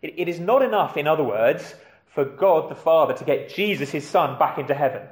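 A man's voice: on the high side, expressive, a little fast, roomy sound. A man preaching a sermon in a conversational way, with rhetorical questions and questions put to the children.

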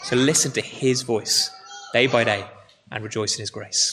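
A man's voice: medium pitch, steady tone, normal speed, fairly bright tone. A man preaching a sermon and leading a closing prayer, earnest and driving points home with emphatic repetition. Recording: echoey hall with faint noise.

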